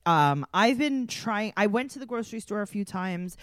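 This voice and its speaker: A woman's voice: medium pitch, animated, normal speed, fairly bright tone, no echo, studio quality. A woman co-hosting a comedy podcast from home, blunt and teasing in casual chat. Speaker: podcast co-host.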